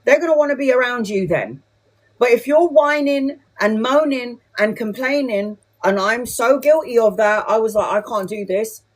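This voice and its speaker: A woman's voice: a little high, lively intonation, moderate pace. A woman giving a live tarot reading who talks bluntly and chattily and swears casually. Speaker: tarot reader.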